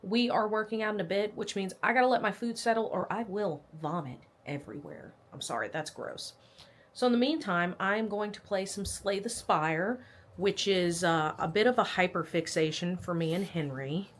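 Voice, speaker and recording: A woman's voice: medium pitch, lively intonation, normal speed. A pregnant young woman vlogging casually, animatedly retelling a doctor's visit and acting out the quotes. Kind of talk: casual storytelling vlog.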